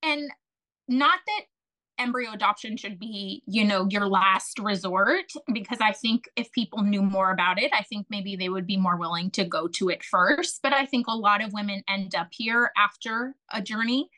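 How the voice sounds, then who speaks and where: A woman telling a long personal story as a podcast guest, chatty and animated, with many fillers and restarts. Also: mid-range voice, moderate pace. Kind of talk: casual storytelling.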